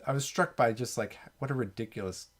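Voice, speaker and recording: Man, podcast host, casual film chat, rambling, lots of fillers, mid-pitched voice. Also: a little fast. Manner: rambling, many fillers and restarts.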